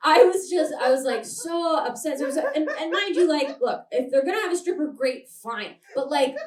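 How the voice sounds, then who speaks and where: A woman's voice: sits high, lively intonation, normal speed, darkish tone. Brash woman doing stand-up in a roomy venue. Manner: brash, rambling, self-deprecating, laughs through lines. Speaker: stand-up comedian. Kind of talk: stand-up comedy set. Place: live comedy show in a small venue. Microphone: handheld stage mic. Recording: roomy venue, mic picked up from a distance.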